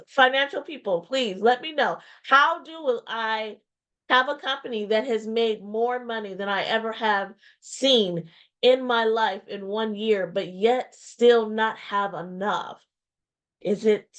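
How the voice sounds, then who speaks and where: A small business owner and vlogger talks to camera in a slow, reflective, heartfelt way, pausing and repeating phrases. Her voice is fairly high and fairly bright, and the candid personal vlog is captured on a webcam or video-call mic.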